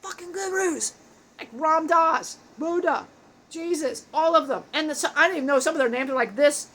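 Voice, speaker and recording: A woman's voice: high-pitched, normal speed, a bit bright. A woman channeling the spirit of a big, bald dead man who swears, jokes crudely and laughs often. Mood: joking.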